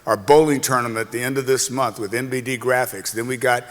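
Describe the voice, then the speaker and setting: A man's voice: medium pitch, fairly even intonation, fast, fairly bright tone. A man hosting a chamber meeting, giving casual, chatty announcements and calling out people in the room. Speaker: chamber host. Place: meeting hall. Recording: long echoey hall reverb.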